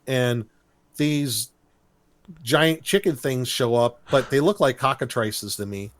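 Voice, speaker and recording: A man co-hosting a podcast, recapping a cartoon episode in a lively, storytelling way and laughing as he goes. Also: medium pitch. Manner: animated storytelling, briefly imitates characters with laughs. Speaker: podcast co-host.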